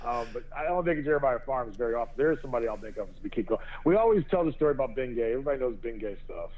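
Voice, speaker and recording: A man's voice: mid-range voice, very fast, dull audio. A man co-hosting a podcast, chatting about sports and chuckling often. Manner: animated, chuckling. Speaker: podcast co-host. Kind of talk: casual sports chat.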